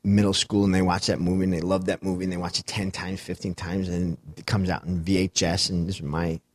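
A man's voice: deep voice, little pitch movement, a little fast. A man in casual chat, telling a rambling story and laughing easily.

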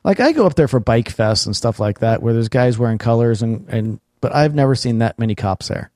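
A man's voice: medium pitch, expressive, a little fast, darkish tone, no echo, studio quality. Chuckling, rambling man telling a story. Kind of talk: casual chat.

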